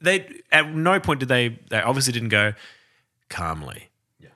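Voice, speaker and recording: Man, animated lively pitch, bright forceful tone, laughs often, playfully contrary. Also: brisk. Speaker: podcast co-host. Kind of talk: casual film-review chat.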